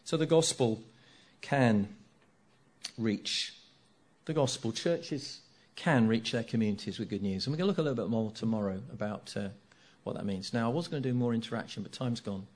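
Older preacher, lively and jokey. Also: male voice, mid-range voice, moderate pace. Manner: animated, jokey, acts out congregation reactions. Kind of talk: sermon.

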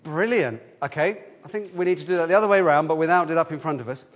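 Lively man leading a church children's talk. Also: fairly high pitch, fast talker. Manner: lively, asks the room questions and leads call-and-response. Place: church hall. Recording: long hall reverb.

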